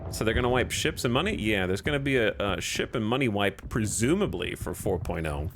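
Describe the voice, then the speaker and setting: Lively, joking male game streamer. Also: mid-range voice, normal speed, noisy background. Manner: rambling, jokey, restarts his sentences. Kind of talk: casual live-stream chat.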